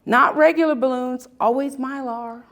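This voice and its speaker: A woman giving a live talk at an expo, telling personal stories with emphatic, dramatic pauses. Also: sits high, fairly even intonation, fairly bright tone. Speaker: speaker at a spirituality expo. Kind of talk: live storytelling talk to an audience.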